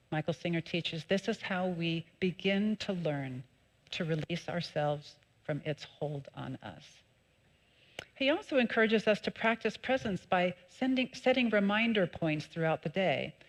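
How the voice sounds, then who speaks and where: A woman minister giving a sermon, calm and measured in her teaching, with lively emphatic peaks. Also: on the low side. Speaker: associate minister. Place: church sanctuary.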